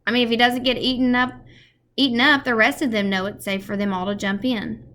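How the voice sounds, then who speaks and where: A woman voicing a dreamy, excitable middle-aged man who talks eagerly. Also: on the high side, brisk, natural voice. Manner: eager, enthusiastic.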